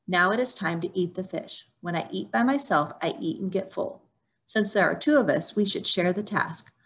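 A woman's voice: lowish voice, moderate pace, lightly acted. A woman doing a sly sleepy turtle. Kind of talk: storybook reading.

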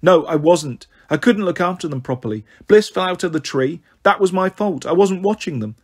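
A man reading a story aloud, voicing a worried, earnest young girl who pleads in a husky voice. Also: high voice, lively intonation, moderate pace.

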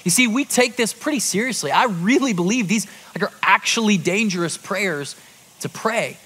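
Animated high-voiced man preaching. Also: moderate pace, slightly rough. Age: 30s. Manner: lively, conversational preaching with rhetorical asides. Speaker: pastor. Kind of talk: sermon. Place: church auditorium before a congregation.

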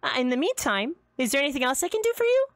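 A woman with a high, sing-song voice talks rapid-fire, playing a quirky young seafood restaurant owner in a live roleplay. She's giggly, playful and cheerful, captured in a dry, studio-quality recording.

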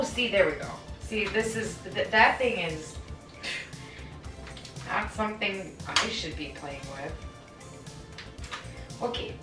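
A woman filming herself cleaning her kitchen at home, chatting and rambling to herself and laughing at her own remarks. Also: mid-range voice. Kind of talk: casual chatty self-talk while cleaning. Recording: echoey room, from far off, with music. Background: background music.

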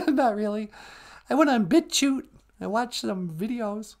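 A man voicing a young daughter in a very high falsetto, giddy and gushing. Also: expressive, slow pace, darkish tone, exaggerated voice. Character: squeaky excitable young daughter.

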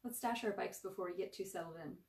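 A woman's voice: on the low side, fast, gravelly, darkish tone, far from the mic. A woman voicing a smug preteen boy who prods and jokes at his younger brother. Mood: teasing. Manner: smug, prodding, joking. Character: cocky teasing preteen boy, the older brother.

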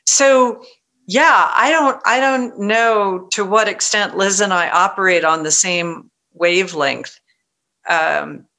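A middle-aged woman novelist telling stories in a conversational interview, animated and full of restarts. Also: mid-range voice, slow pace. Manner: animated, frequent restarts, quotes others in lively voice. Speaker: novelist guest.

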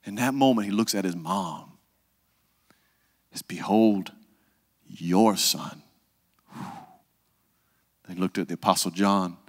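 A male pastor, preaching a conversational sermon and dropping to a hush for the solemn parts. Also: deep voice, moderate pace, long pauses, big-room sound. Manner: conversational preaching, acts out quoted voices, drops to hushed tones.

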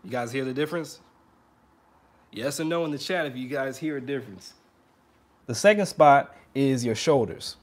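Faint music plays behind a trumpet teacher giving a laid-back lesson directly to viewers. His mid-range voice moves at a moderate pace with frequent pauses, upbeat and hands-on, and he mimics strained voices to demonstrate.

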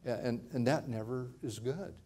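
A man's voice: medium pitch, moderate pace, warm tone. An older man, a pastor, preaching a sermon in a conversational way, often repeating words and laughing lightly.

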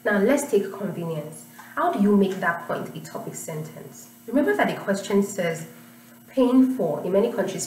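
Woman, writing-exam teacher, patient explaining, lower pitch, roomy echo, faint hum. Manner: patient, repeats points with "you know" and "okay?". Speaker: IELTS teacher. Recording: echoey room, voice a bit far from the mic.

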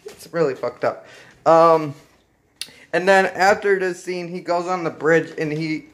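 A man's voice: a little high, a bit bright, slight background noise. A man hosting a casual, profane movie recap, laid-back and laughing often. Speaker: host.

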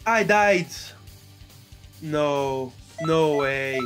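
High-voiced, frustrated man playing a game. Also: lively intonation, takes it slowly. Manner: frustrated, swears often, loud outbursts. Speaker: gaming video creator. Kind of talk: let's play commentary. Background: game music.

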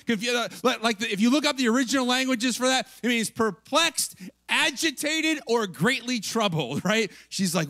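A male pastor giving an easygoing sermon in a high, bright voice. He talks in a loose, chatty way and acts out the quotes, and the sound is dry and close with no room echo. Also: expressive, normal speed. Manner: chatty, lots of "like" and "right?", acts out quotes with laughs. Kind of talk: casual conversational sermon.

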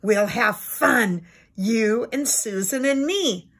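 A woman's voice: fairly high pitch, expressive, slow pace, breathy edge, full character voice. A woman voicing an eager, cheerful little boy while reading a children's storybook aloud. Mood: excited. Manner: bright, pleading, storybook read-aloud.

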